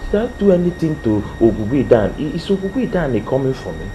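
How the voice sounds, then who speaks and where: In a film drama, a woman plays a shop owner who pleads in broken English, stammering as she goes. Her bass voice is very animated at normal speed, with background noise and a loud score in the film audio.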